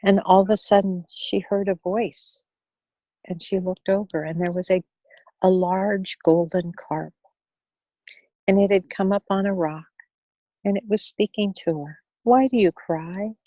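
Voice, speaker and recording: A woman speaker on money wellness, telling a story in an earnest, gentle way and often repeating words as she goes. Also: mid-range voice, fairly even intonation, unhurried, long pauses, no room sound, highs cut off. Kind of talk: storytelling in a talk.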